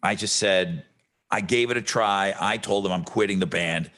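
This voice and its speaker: A man's voice: sits low, normal speed, fairly bright tone. A man co-hosting a podcast, telling stories in a laid-back, wry casual chat. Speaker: podcast co-host.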